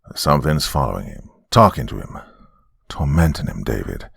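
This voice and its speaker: A man's voice: sing-song, moderate pace, gravelly, fairly bright tone, slightly rough, dry recording, clean studio sound, heavily acted. A man voicing a stern older grandfather who speaks bluntly and moodily. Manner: low, blunt and moody.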